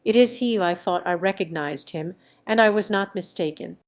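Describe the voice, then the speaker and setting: A woman's voice: on the low side, moderate pace, lightly acted. A woman voicing a shaken English lord in an audiobook, sounding startled and dismayed. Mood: alarmed.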